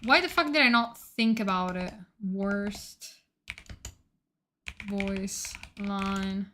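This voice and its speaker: Woman streamer, casual live chat, excitable, swears a lot, rambling, mid pitch. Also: drawn-out words, slight background noise.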